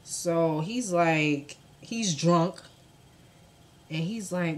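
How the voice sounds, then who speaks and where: A young woman telling a true crime story to her viewers in casual, profane speech, acting out the quotes with sudden jumps in loudness. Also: on the low side, extremely slow, pauses often. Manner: animated, profane, acts out quotes with big swings in loudness.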